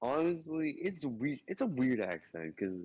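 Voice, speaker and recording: A man playing in a tabletop game, chatting in a relaxed way. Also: medium pitch, moderate pace. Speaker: player.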